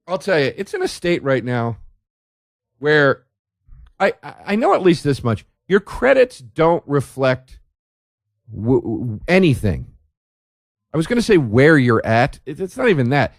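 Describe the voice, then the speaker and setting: A man's voice: mid-range voice, sing-song, moderate pace, vocal fry, no echo, clean studio sound. A man hosting a solo comedic podcast, speaking in a sardonic, profane, rambling way full of restarts. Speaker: podcast host. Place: indoor room by a window.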